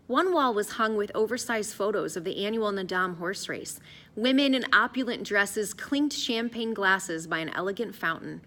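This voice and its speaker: A woman narrating an audiobook in an expressive, lively storytelling voice. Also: mid-range voice, normal speed. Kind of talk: scripted narration.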